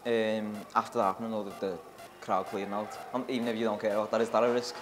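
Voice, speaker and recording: A man's voice: lowish voice, level tone, quick pace, soft background music. A man interviewing a fighter casually, friendly, laughing along and asking short prompting questions. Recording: noisy background.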